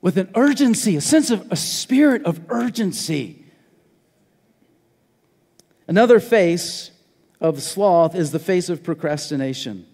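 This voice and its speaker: Casting: male pastor, high voice, emphatic preaching style, long church reverb. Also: lively intonation, measured pace, pauses often. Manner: preaching, rising to loud emphatic urgency. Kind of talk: sermon. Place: church sanctuary.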